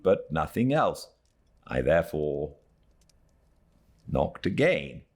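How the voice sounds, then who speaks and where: A British man narrates a classic novel in a very deep, unhurried voice. He tells the story expressively, and his pitch rises and falls freely through each sentence. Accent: British English. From Britain. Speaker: audiobook narrator. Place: home beside a fireplace.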